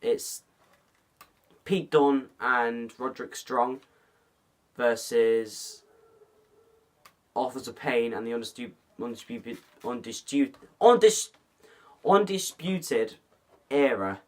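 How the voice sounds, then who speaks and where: A man rambling his way through a casual vlog, stumbling over names and restarting often. His voice sits at an ordinary pitch, and at times he plays up mock fright. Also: animated, slow pace, long pauses. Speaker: host. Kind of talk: casual vlog commentary and spoof skit.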